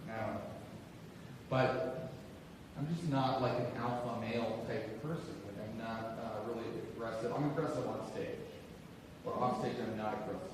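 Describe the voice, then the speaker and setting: A man's voice: lowish voice, moderate pace, long pauses. A man doing a stand-up comedy set on a theater stage, self-deprecating, acting out the people in his stories. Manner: self-deprecating, acts out shouted quotes. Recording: roomy hall from a distance, noisy. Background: audience laughter.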